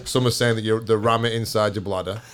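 A man with a low voice tells a blunt, sweary hospital story in relaxed podcast chat. He laughs easily and talks in a plain, down-to-earth way. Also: quick pace, a little hiss or hum.

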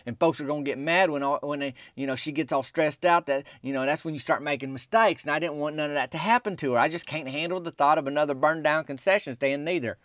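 Deadpan storyteller, dry close voice. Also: male voice, fairly high pitch, no echo. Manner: drawling Southern-style rural dialect, deadpan storytelling. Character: small-town softball player telling his tale. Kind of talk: folksy comic monologue.

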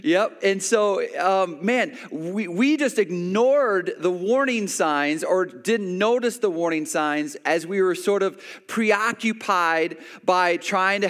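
A man's voice: high-pitched, a bit bright, in a large hall. A man preaching a sermon, telling a personal story with many restarts and acted-out quotes. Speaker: pastor.

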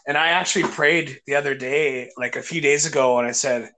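A man's voice: medium pitch, fairly quick, bright, forceful tone. A man hosting a podcast, telling stories in casual chat with lots of fillers and restarts. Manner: enthusiastic storytelling with many fillers and restarts. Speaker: podcast host.

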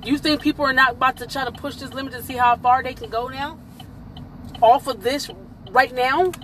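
A woman's voice: high-pitched, fairly even intonation, normal speed, fairly bright tone, poor audio. Blunt, emphatic woman talking over street noise. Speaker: podcast host. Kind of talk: casual opinion monologue.

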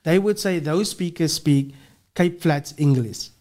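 Brief: academic man, slightly high voice, earnest explainer, lots of restarts. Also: measured pace, a little mellow. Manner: earnest, explanatory, with frequent restarts and repeated words. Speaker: linguistics professor, podcast guest. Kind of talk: casual interview talk.

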